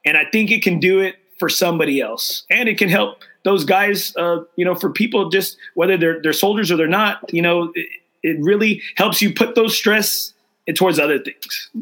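High, bright-voiced enthusiastic male host. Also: normal speed. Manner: emotional, enthusiastic, repeats himself. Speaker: golf show host. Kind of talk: casual chat, live show sign-off.

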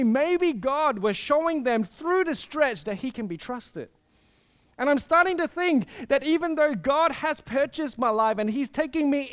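A young man preaching through a personal story. His voice sits high for a man, and he acts out the voices he quotes with lots of life. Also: clean tone.

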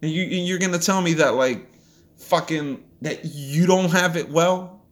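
A man's voice: fairly high pitch, a little slow. A man hosting a podcast, delivering a blunt, profane and heated motivational rant. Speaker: podcast host. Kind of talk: ranting motivational monologue.

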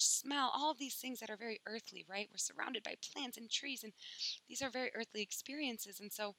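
Woman, spiritual teacher, bright tone, emphatic and casual, swears freely. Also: a little high, poor audio. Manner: emphatic, swears casually, acts out inner voices.

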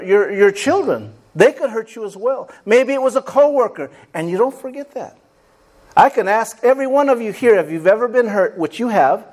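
A man's voice: high-pitched, darkish tone. A man preaching a sermon, calling for amens and acting out little stories as he goes. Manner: preaching with call-and-response amens and acted-out stories. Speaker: pastor.

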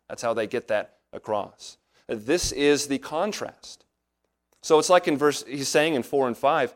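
A man's voice: medium pitch, normal speed. Earnest male pastor preaching. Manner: earnest, explanatory, rhetorical questions. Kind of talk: expository sermon.

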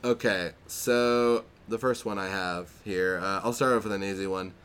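A man hosting a casual podcast chat, sarcastic and swearing freely in quick bursts. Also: deep voice, steady tone, fairly bright tone, clean tone. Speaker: podcast host.

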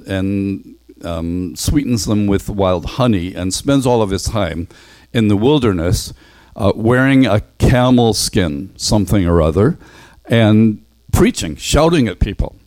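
A man teaching a Bible passage in an animated storytelling way, acting out the characters' dialogue and often restarting his words. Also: on the low side, dry recording. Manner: animated, acts out dialogue, self-correcting.

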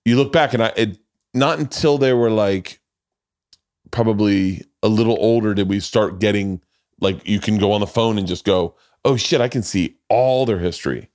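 Profane rambling man, low voice. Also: normal speed, darkish tone, dry recording, clean studio sound. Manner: rambling, profane, acts out quotes in others' voices. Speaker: podcast host. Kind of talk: casual chat.

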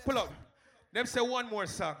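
A very high-pitched man hyping a crowd at a live sound clash. He shouts his lines between tunes with a bright, forceful edge, full of call-outs. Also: lively intonation, normal speed. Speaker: sound system selector. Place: live dance event.

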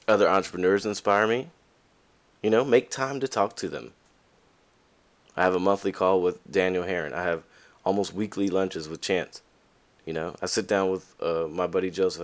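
A man hosting a podcast, talking candidly and casually to listeners, with frequent fillers and restarts, and his voice jumps up high when he stresses a point. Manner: lively, pitch jumps high for emphasis. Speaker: podcast host. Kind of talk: casual motivational monologue.

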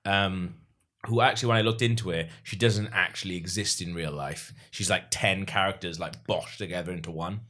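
A man's voice: sits low, steady tone, moderate pace, sharp tone. A Welsh man chatting casually as a podcast co-host, rambling with plenty of fillers and asides. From Wales. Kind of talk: casual chat.

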